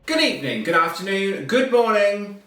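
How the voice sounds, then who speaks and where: A woman's voice: medium pitch, sing-song, normal speed, soft background music. A woman co-hosting a casual vlog, chatty, playful and sweary. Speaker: co-host. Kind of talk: casual chat.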